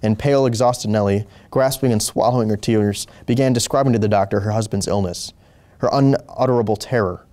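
A man reading a short story aloud as host, slow and deliberate with occasional small slips. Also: on the low side, darkish tone. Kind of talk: measured story narration.

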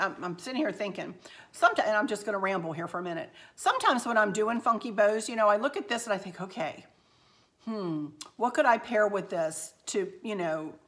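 A woman's voice: medium pitch, fairly bright tone. Chatty woman crafter. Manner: rambling, chatty, folksy. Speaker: craft channel host. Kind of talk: casual haul vlog chat.

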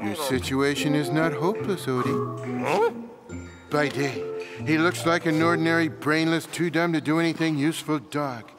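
A man's voice: fairly high pitch, normal speed, close to an everyday voice. A man voicing a lazy, sarcastic adult male house cat in a cartoon, with a dry, self-satisfied manner. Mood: smug. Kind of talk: cartoon voice acting. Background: cartoon background music.

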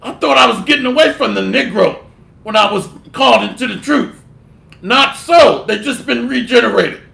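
A man's voice: extremely high pitch, moderate pace, creaky, bright, forceful tone. A man preaching a scolding sermon, delivering a fiery rebuke and mocking others with put-on voices. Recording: echoey room.

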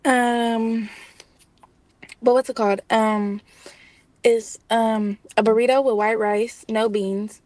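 A woman's voice: on the high side, little pitch movement, takes it slowly, long pauses, a little mellow, dry recording. A woman on a video chat, speaking hesitantly with many ums.

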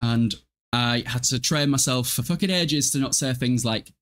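A man's voice: mid-range voice, normal speed, fairly bright tone. A man from Hull chatting casually with his viewers while streaming a game, laughing often and swearing freely. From Hull, East Yorkshire, England. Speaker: gaming livestreamer. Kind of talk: casual gameplay livestream chat.

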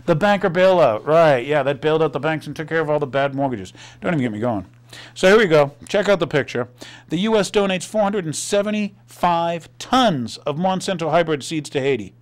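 Animated, sarcastic male show host. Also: fairly high pitch, a little fast. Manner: animated, sarcastic, rhetorical questions. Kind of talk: commentary monologue.

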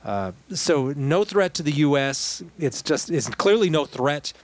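A man's voice: a little high, big pitch swings, unhurried, no echo. A man co-hosting a podcast, talking through politics in a conversational, digressive way with wry asides. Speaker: podcast co-host. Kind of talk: casual political discussion.

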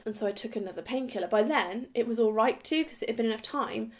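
A young English woman vlogging, chatting to a camera a few steps away, animated and acting out the voices in her story. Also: medium pitch, fast, hardly any pauses.

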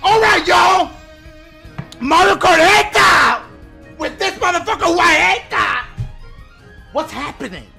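A man giving profane game commentary, loud and excitable, swinging between shouts and low mutters. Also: takes it slowly, vocal fry, pauses often. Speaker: gaming YouTuber. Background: game music.

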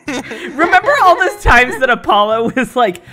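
A woman's voice: high-pitched, expressive, measured pace, bright, forceful tone, soft background music. A woman chatting casually on a game stream, joking and teasing her friends with crude language. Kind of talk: casual let's-play chat.

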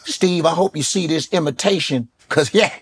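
A man's voice: a little high, moderate pace, breathy edge. A man doing a swaggering older game-show host. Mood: boastful, threatening. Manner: drawling, calls people "boy", swaggering boasts. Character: brash older male game-show host, boastful, threatening.

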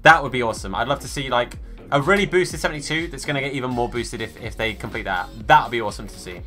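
A man's voice: medium pitch, quick pace, sharp tone, soft background music. A man streaming a football video game, chatting casually with viewers and greeting them by name. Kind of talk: live gaming stream chat.

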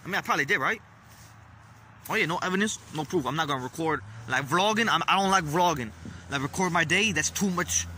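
A young man vlogging on a phone outdoors at a bus stop, boastful and profane in a loud, swaggering way. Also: fairly high pitch, fairly quick. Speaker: vlogger and rapper. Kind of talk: casual street vlog, partly rapped. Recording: outdoor phone recording with traffic noise. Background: street traffic.

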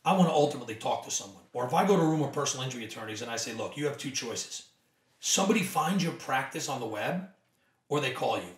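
A man's voice: mid-range voice, lively intonation, rapid-fire, echoey room, far from the mic. A man who is a company co-founder, speaking as a podcast guest with an emphatic, persuasive manner. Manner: emphatic, persuasive, acts out quoted dialogue. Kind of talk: energetic conversational interview.

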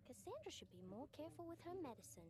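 A woman's voice: sits high, big pitch swings, rapid-fire, a little mellow. A woman voicing a curious, innocent young girl with a Southern US accent in a video game. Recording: game audio with background music.

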